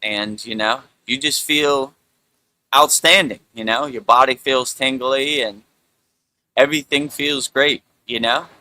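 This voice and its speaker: A middle-aged man hosting a spiritual talk, speaking in a relaxed, rambling way with lots of "you know". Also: medium pitch, unhurried, no echo, rough recording. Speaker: spiritual teacher and show host.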